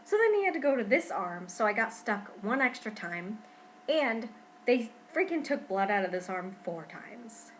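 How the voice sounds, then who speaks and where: A young woman talking casually to her camera at home in a pregnancy vlog, chatty and expressive, often saying "freaking". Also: a little high, normal speed, slight background noise, rough recording. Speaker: vlogger.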